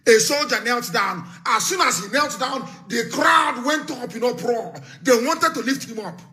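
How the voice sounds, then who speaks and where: A man with a Nigerian accent delivers a fiery live broadcast address. His voice sits high and sounds bright and forceful, and he is scornful throughout, repeating phrases and breaking into shouts. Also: normal speed. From southeastern Nigeria. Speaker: activist leader.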